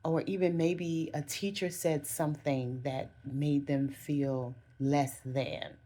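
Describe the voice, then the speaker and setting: A woman's voice: deep voice, steady tone, takes it slowly, mellow. A woman vlogger talking through a reflective self-help monologue in a conversational way, often saying "you know" and "again" and correcting herself as she goes.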